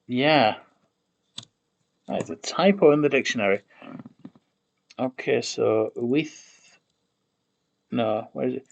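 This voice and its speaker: A man talks in an unhurried, drawn-out way on a casual livestream at his desk mic. He muses aloud, tries out made-up words syllable by syllable and keeps stopping to fix himself. His pitch sits right in the ordinary middle for a man. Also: vocal fry, muffled recording, a little hiss or hum. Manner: musing, sounds out invented words slowly, often corrects himself. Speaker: streamer building a constructed language.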